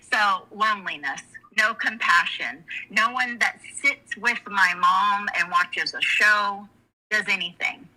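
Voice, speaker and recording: A middle-aged woman with a very bright, piercing voice, talking openly as an interview guest. She speaks frankly and emotionally, wandering off and restarting her sentences. Her pitch sits at an ordinary middle height for a woman. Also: poor audio. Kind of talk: candid personal storytelling in conversation.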